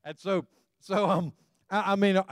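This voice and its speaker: A middle-aged male pastor delivering a sermon in a conversational, storytelling way, full of self-deprecating humor. His voice sits a bit high for a man. It is recorded close and dry, with almost no room sound. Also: steady tone, normal speed, no echo. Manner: addresses the congregation directly.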